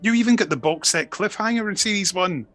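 A man's voice: high-pitched, fairly quick, fairly bright tone, no room sound, faint music behind. A man, interviewing an actress in a friendly way. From Scotland.

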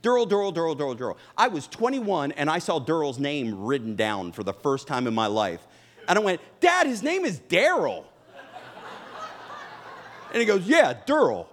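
Man, middle-aged, pastor, animated sermon, high voice, live church crowd. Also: brisk. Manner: animated, jokes with the congregation. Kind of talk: sermon with humorous stories. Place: church before a live audience.

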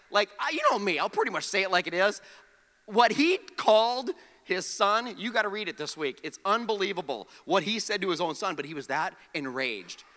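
A man's voice: high voice, sharp tone, long reverb tail. A man preaching a sermon as pastor. He tells the story with animation, acts out the characters' lines and has the audience repeat words back to him.

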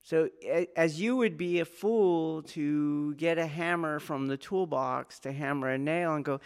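A man with a slightly higher-pitched voice gives an earnest spoken lesson as a martial arts teacher. He keeps asking his listener rhetorical questions and repeats key phrases to press his point home. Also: unhurried, hardly any pauses, smooth.

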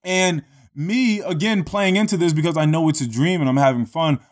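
A man casually telling a long story in a relaxed, profane way, full of fillers like "you know" and "like". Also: a little high, moderate pace.

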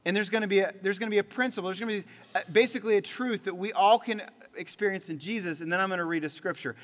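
A man preaching a sermon as pastor, leading the congregation in call-and-response, swinging between loud emphatic peaks and quiet low drops. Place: church sanctuary. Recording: long hall reverb.

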